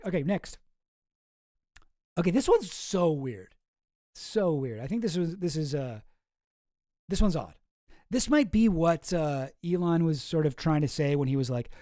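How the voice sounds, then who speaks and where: A man's voice: a little high, animated, moderate pace, dark tone, no echo, clean studio sound. A man on a casual livestream, reading messages aloud in mocking put-on voices and commenting sardonically. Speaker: streamer.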